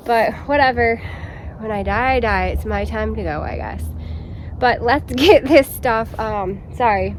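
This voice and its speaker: A woman's voice: medium pitch, measured pace, slight background noise. A woman vlogging about her home garden in a casual, rambling chat, talking straight to her viewers while she works outdoors.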